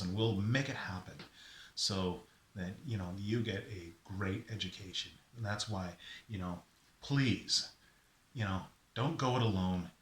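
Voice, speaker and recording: A middle-aged man telling a personal story in an animated way, acting out the voices of himself and his father. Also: fairly low pitch. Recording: echoey room.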